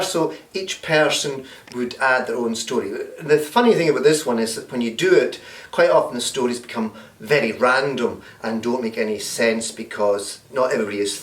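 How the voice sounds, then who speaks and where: A man teaching a storytelling workshop, often checking in with the class. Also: mid-range voice. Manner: animated, checks in with "okay?". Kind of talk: storytelling lesson. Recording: roomy, distant mic.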